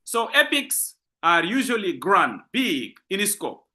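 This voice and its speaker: A man teaching a literature class, explaining patiently and repeating his points. His voice sits high and swings widely in pitch. It has a bright, forceful edge. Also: big pitch swings, slow. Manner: repetitive, explanatory, asks and answers his own questions. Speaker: literature lecturer. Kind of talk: university lecture.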